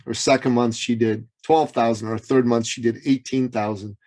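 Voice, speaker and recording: A male business coach from Iran recounting a client's story on a remote interview. His voice sits at a middle pitch and rises sharply when he acts out other people's lines. He talks with dramatic, storytelling energy. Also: fairly even intonation, moderate pace, a little mellow, poor audio. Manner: dramatic, acts out quotes with big pitch swings. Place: Toronto. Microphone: remote call.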